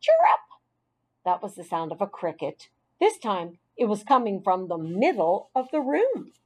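A woman narrating a children's audiobook in a clear, expressive storytelling voice. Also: medium pitch, normal speed.

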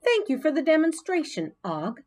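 A woman's voice: high voice, huge pitch swings, voice pushed up. A woman doing a firm, patient schoolteacher. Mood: stern. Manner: brisk, gently scolding teacher voice.

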